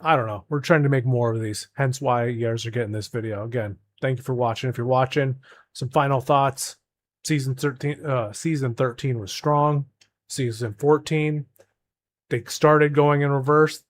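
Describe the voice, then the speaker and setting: A man's voice: mid-range voice, fairly even intonation, normal speed. A young man, a gaming streamer, ranting casually and rambling with restarts and exasperated asides.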